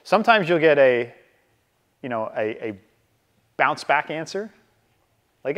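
A man's voice: mid-range voice, moderate pace, pauses often. Male real estate trainer, casual, acts out dialogue, long hall reverb. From Canada. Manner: lively, acts out dialogue, keeps checking with "right?". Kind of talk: casual training talk to a room.

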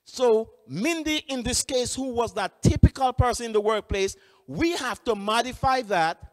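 A man giving a training lecture, telling lively stories with frequent restarts. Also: very high voice, normal speed, no echo, clean studio sound, long reverb tail. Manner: animated storytelling, many restarts. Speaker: employment trainer.

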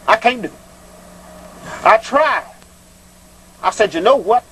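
Casting: high-pitched male call-in host, preachy rants, flirty croon, faint hiss. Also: animated, normal speed, long pauses, fairly bright tone, low-quality recording. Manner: preachy, rambling, hollering rants. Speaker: call-in show host giving readings. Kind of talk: call-in show talk.

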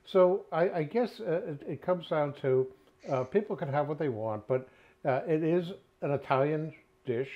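A man's voice: fairly high pitch, moderate pace. A man co-hosting an interview, making casual remarks with hesitations and restarts. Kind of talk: interview conversation. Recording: dull lo-fi audio.

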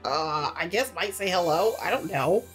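A woman's voice: on the low side, expressive, moderate pace, faint music behind. A woman co-hosting a let's play, chatting casually, blunt and laid-back and swearing freely. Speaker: co-host of a let's play channel. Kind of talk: casual gameplay chat.

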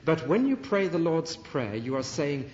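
A middle-aged man preaching a sermon, earnest and emphatic, with dramatic pauses. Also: on the high side, big pitch swings, darkish tone. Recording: dull archival sermon recording in a reverberant hall.

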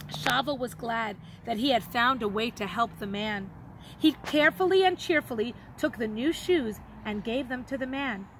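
A woman teacher reading a children's story aloud in an expressive, dramatic way. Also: a little high, normal speed, slight background noise, low-quality recording.

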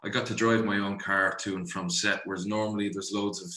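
A man from Ireland giving a casual interview as an actor, animated and chatty, often saying "you know" and calling the interviewer brother. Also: lowish voice, brisk. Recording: roomy echo.

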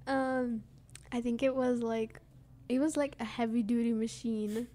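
Slow-talking teenage girl, hesitant. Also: on the high side, fairly even intonation, dark tone, slight background noise. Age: teens. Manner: hesitant, filler-heavy, trailing off. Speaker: podcast co-host. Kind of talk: casual chat.

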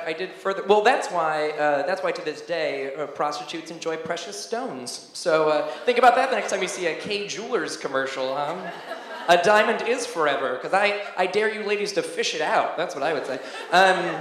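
A man from Ohio doing stand-up comedy in a club, excitable and prone to squeaky outbursts. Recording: echoey club, noisy.

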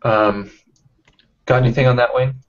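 A man leading a casual online book discussion, talking haltingly with many fillers and restarts. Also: mid-range voice, fairly even intonation. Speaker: discussion leader. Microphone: webcam or computer mic on a video call. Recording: lo-fi video call audio.

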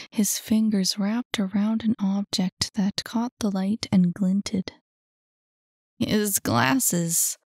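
Woman reading her own book, soft hushed, slow and breathy. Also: medium pitch, no echo, clean studio sound. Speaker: author and audiobook narrator. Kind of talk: storybook narration.

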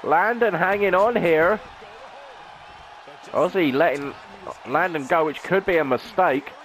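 Man, high voice, unhurried wrestling commentary, dramatic announcer tone, noticeable background noise. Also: a bit bright, low-quality recording. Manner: dramatic announcer delivery, rhetorical questions. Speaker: YouTube gaming channel host. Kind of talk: wrestling play-by-play commentary over a video game.

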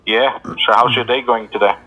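A man's voice: mid-range voice, steady tone, moderate pace, pushed and bright, poor audio. A man with an Indian accent on a scam call, blunt and combative, swearing back at the caller.

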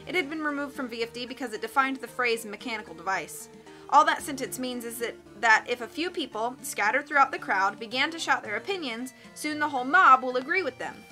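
A woman's voice: sits high, animated, brisk, bright, forceful tone, faint music behind. A woman reading as a bookish boy explaining.

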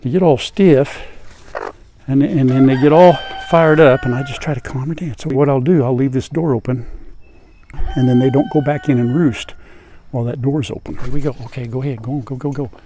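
An older man speaks on a lapel mic outside by a chicken coop, in a mellow, warm voice. He talks casually and gently to his hens, often going soft and hushed to calm them. Clucking hens, a rooster and a faint hiss sit behind him. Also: medium pitch, moderate pace. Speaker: farm vlogger. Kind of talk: casual farm vlog.

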